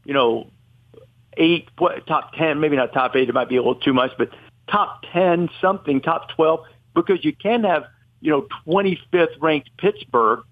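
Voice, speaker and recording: Man, podcast guest, opinionated, rambling, self-correcting, slightly high voice, tinny phone-like line. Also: normal speed, no echo. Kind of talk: casual sports debate.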